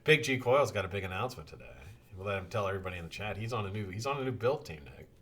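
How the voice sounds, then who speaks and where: A male live-stream host with a lively, swinging delivery and a bright, forceful tone. He greets his chat viewers one by one in a casual, swearing banter. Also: lowish voice, very fast, slightly rough.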